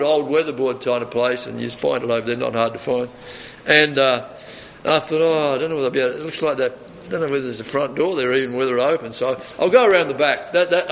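Folksy, earnest preacher, a touch high-voiced, on a dull recording in a reverberant hall. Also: male voice, fairly bright tone. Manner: earnest, folksy storytelling with chuckles. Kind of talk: sermon.

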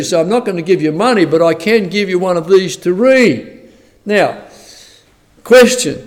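A man preaching a conversational sermon, plain-spoken, who asks the listeners rhetorical questions and reads scripture in old-fashioned wording. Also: sits high.

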